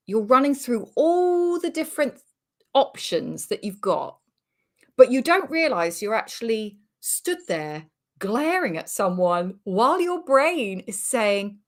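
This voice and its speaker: British woman in her forties telling anecdotes. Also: on the high side. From Britain. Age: 40s. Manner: animated, sweary anecdote telling. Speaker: comedian guest. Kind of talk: casual storytelling chat.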